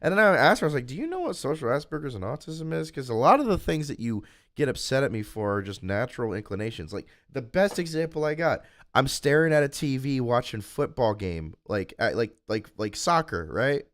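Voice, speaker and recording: A man's voice: medium pitch, big pitch swings, fairly quick, hardly any pauses, fairly bright tone. A young man streaming, chatting casually on a voice call, rambling and swearing as he vents about a breakup. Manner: rambling, profane, venting. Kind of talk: casual voice chat.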